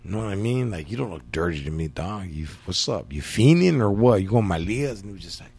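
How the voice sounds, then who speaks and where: A man's voice: deep voice, animated, fast talker, creaky, a little mellow, breathy edge, no room sound. A man telling stories in a casual podcast chat, slangy and profane with a laid-back drawl. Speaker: podcast host.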